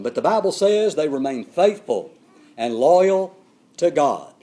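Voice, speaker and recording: Male preacher, lively pitch, emphatic, swings between booming and hushed delivery. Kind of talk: sermon.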